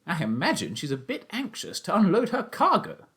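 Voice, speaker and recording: A man's voice: high-pitched, huge pitch swings, normal speed, fairly bright tone, voice pushed up, heavily acted. A man voicing an elderly country doctor who speaks in a raised, exclaiming tone. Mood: dry, exclaiming. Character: elderly country doctor, excitable and high-voiced.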